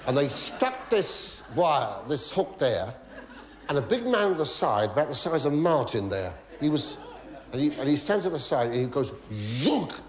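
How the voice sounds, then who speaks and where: A male comedian on a theatre stage with a fairly high, swooping voice that jumps from confiding mutters to shrieks. He stammers through his story and begs the crowd not to laugh. A roomy live recording, with the audience laughing loudly behind him. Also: big pitch swings, normal speed. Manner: stammering, gossipy asides with sudden shrieks and mock pleading.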